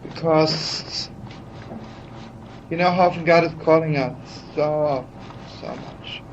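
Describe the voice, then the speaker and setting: Taking it slowly in a voice that's a little high, a rabbi tells stories in a warm, chatty sermon packed with "you know" asides. The archival recording sounds dull, with a faint hiss.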